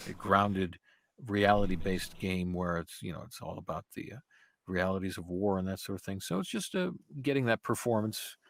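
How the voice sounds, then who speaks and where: A man guesting on a casual podcast as a voice actor, chatting in an animated and playful way, with loud bursts and quieter asides. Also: low voice, normal speed, creaky, no echo. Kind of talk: casual podcast interview chat.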